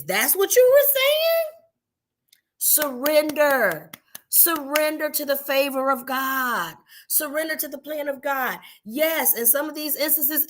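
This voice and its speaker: Middle-aged woman minister, fairly high voice, earnest devotional teacher who repeats her key lines. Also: fairly bright tone. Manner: earnest, repeats phrases for emphasis; tells personal stories to the listener. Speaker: minister giving a midday devotional.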